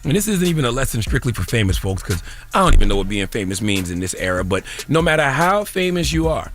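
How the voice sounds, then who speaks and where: A man's voice: medium pitch, very animated, fast talker, fairly bright tone, soft background music. Blunt preachy man hosting radio. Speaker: radio host. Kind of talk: opinionated radio commentary. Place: radio studio.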